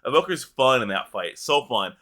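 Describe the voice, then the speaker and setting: A man's voice: medium pitch, sing-song, normal speed, bright, forceful tone. A man co-hosting a podcast, chatting casually about games and swearing freely as he talks. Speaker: podcast co-host. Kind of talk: casual gaming chat.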